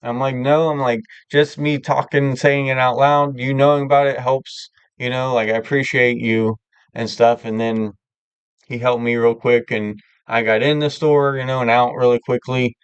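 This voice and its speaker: A man's voice: medium pitch, steady tone, moderate pace, clean tone, no echo, highs cut off. A man hosting a live stream, talking candidly and rambling with many filler words in casual chat. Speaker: livestream host.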